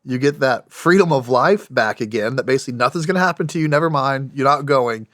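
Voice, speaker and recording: A man's voice: medium pitch, a little fast, fairly bright tone, dry recording, clean studio sound. A man in his forties, a podcast guest and former special operations soldier, telling stories plainly and wryly, with frequent restarts. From United States. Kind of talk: storytelling in a podcast interview.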